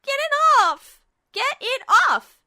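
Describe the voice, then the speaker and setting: A woman's voice: very high voice, sing-song, takes it slowly, pushed and bright, pitched above the performer's own voice, heavily acted. A woman voicing a furious young ninja girl who hollers in rage, in an audiobook. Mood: shrieking rage. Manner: shrieking, hollering. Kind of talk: audiobook character voice.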